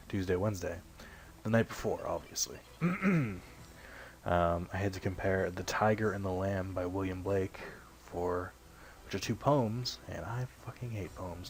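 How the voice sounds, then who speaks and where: Young guy w a deep low voice rambling thru a let's play, swears a lot, keeps clearing his throat. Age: young adult. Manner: rambling, self-deprecating, swears casually. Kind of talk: casual gameplay commentary.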